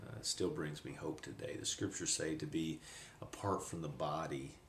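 A middle-aged man giving a reflective personal testimony, speaking haltingly with pauses, recorded on a camcorder in an echoey room. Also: a bass voice, gravelly, fairly bright tone, slight background noise. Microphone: handheld camcorder.

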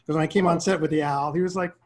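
A man from Harlem, a puppeteer guest, telling stories in a casual video-call conversation, animated and quick to act out quotes and laugh. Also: fairly high pitch. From Harlem, New York.

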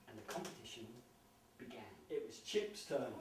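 A male professional storyteller performing live, dramatic with sudden loud bursts and hushed drops. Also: mid-range voice, very animated, moderate pace, a little hiss or hum. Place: live stage venue. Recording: echoey live venue, distant mic.

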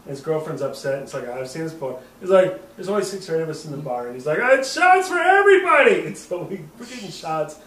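A man's voice: on the high side, expressive, quick pace, hardly any pauses, darkish tone, echoey room, far from the mic, low-quality recording. A man in his thirties hosting a podcast, telling a rambling, profane drinking story and laughing at himself. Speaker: podcast host. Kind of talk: casual storytelling.

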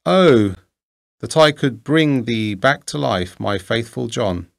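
A man voicing a grieving, remorseful king in a storybook reading, with slow, formal old-fashioned speech. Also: lowish voice. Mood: sorrowful.

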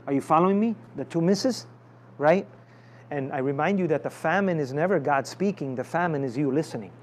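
A man's voice: fairly high pitch, fairly quick, a little hiss or hum. A male pastor preaching in a loose, conversational way and calling for amens from the congregation. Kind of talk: sermon with prayer.

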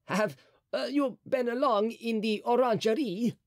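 A man doing a shrill, nervous old cardinal. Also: big pitch swings, a little slow, no room sound, clean studio sound, heavily acted. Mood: alarmed. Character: scheming frightened old Italian cardinal.

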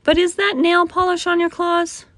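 A woman's voice: very high-pitched, flat delivery, moderate pace, fairly bright tone, dry recording, pitched above the performer's own voice. A woman voicing a fussy, demanding young boy who questions each monster.

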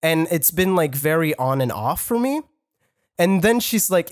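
A man's voice: fairly high pitch, animated, normal speed, no echo, studio quality. A young man on a podcast, telling a personal story in casual chat, rambling with many fillers, restarts and swearing. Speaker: podcast co-host.

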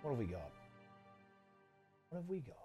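A man's voice: medium pitch, big pitch swings, normal speed, music in the background. A man casting a live online game tournament in a chatty, rambling way, often correcting himself mid-sentence. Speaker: esports tournament commentator. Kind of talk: casual live game commentary.

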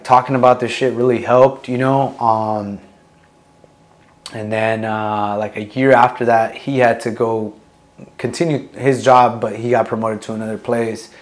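A young man, a Marine veteran, talks candidly about his past in a casual interview, swearing freely and filling his speech with "like" and "dude". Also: medium pitch. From Long Beach, California. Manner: candid, profane, many fillers like "like" and "dude".

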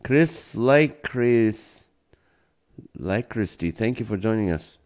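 On a phone or camera mic, a man hosting a live stream reads out viewer comments, playful and easygoing, laughing often in casual chat. His fairly low voice is expressive and darkish, and he takes it slowly.

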